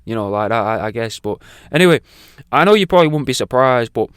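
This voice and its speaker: Rambling, swearing radio host. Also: male voice, mid-range voice, expressive, fast talker, clean tone, dry recording, studio quality. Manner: rambling, swears a lot, goes off on tangents. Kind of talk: casual rambling talk show. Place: radio studio.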